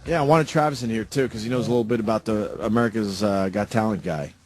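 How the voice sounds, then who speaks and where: A man's voice: on the low side, fast. A man hosting a radio show, chatting loosely with his studio crew. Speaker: radio host. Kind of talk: casual studio banter.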